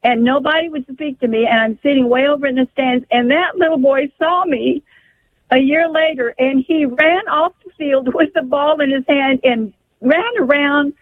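A woman's voice: high-pitched, moderate pace. An older woman calling in to a radio show, telling a painful family story in a pleading, stumbling way over the phone. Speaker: caller. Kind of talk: emotional call-in story. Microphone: telephone. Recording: tinny phone line.

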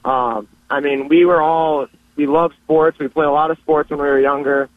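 A man's voice: fairly high pitch, fairly even intonation, moderate pace, no echo. A young man in his early twenties calling in, talking earnestly about family and faith with many small restarts. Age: 20s. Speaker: caller. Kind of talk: casual call-in chat. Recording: tinny phone line.

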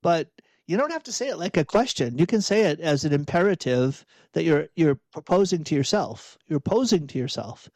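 Male host from near Boston, talks through spiritual ideas in a loose, rambling way, slightly high voice, dry recording. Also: animated, normal speed, darkish tone, no echo. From outside Boston, USA. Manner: conversational, repeats and restarts phrases, rhetorical asides. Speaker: podcast host and executive coach. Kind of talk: reflective spiritual talk.

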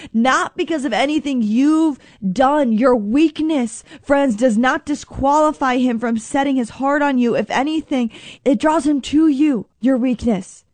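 A woman preaching a sermon in an earnest, emphatic way. She repeats key phrases and slows down to stress them. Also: high-pitched, darkish tone, no echo.

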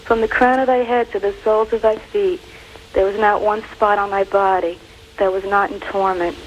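A woman calling in to a religious show, reciting a formal prayer in a devout, earnest, measured way. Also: mid-range voice, steady tone, lo-fi sound, a little hiss or hum. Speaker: caller.

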